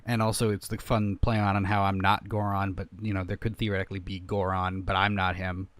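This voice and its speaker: Low-voiced rambling gamer man. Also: level tone, a little fast, a bit bright, dry recording. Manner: rambling, self-deprecating, trails off often. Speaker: gaming video creator. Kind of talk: casual gameplay commentary.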